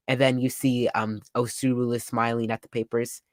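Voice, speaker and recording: A young man talks through a comic chapter as he reads it, excitable and chatty. His voice sits at an ordinary pitch, and the recording is dry and close, with no room sound. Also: moderate pace, few pauses, dry recording. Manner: excitable, summarizing panels with frequent "like". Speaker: manga reaction youtuber. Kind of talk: casual live reading and reaction.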